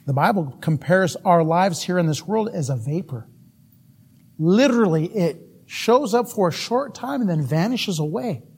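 A man's voice: sits high, animated, moderate pace, darkish tone, husky. A middle-aged man preaching a sermon, telling folksy stories about himself and laughing at his own mishaps. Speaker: missionary preacher.

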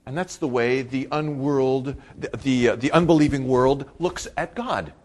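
A man preaching a sermon. He swings from loud, emphatic bursts to quiet asides and repeats his key phrases for weight. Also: mid-range voice, measured pace. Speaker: pastor.

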